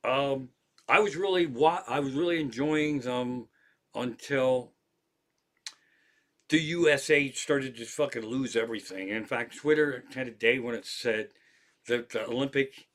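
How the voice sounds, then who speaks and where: A man's voice: mid-range voice, unhurried. A man, a comedian, streaming live from an armchair at home and telling rambling stories peppered with swearing. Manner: profane, animated anecdotes with frequent swearing. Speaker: comedian hosting a livestream. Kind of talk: casual rambling storytelling.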